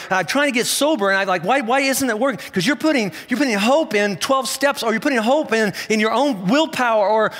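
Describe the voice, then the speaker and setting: Man, pastor, animated conversational sermon, fairly high voice, long church-hall reverb. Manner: conversational, animated preaching with quick restarts. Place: church auditorium.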